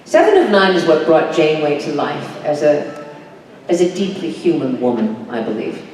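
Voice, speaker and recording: Woman, convention guest, theatrical, emphatic, lively swooping pitch, long echo. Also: moderate pace, a little hiss or hum. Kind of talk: live convention Q&A answers. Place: large convention hall stage. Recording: echoey hall from far off, crowd.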